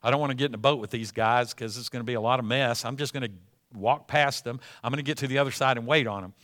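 A man voicing a calm, self-assured grown man who muses quietly and casually to himself. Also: fast talker, close to an everyday voice. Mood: casual musing. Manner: low, quiet, casual musing.

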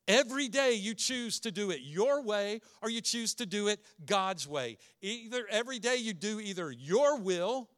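A man preaching a sermon as a pastor, earnest and emphatic, asking many rhetorical questions and slowing down to stress key words. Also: high voice, a bit bright.

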